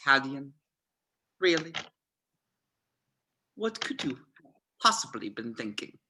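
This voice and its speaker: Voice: medium pitch, sing-song, takes it slowly, background noise. An actor playing a suave, menacing Nazi colonel who talks in a mocking, theatrical way, in an amateur script reading. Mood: sneering.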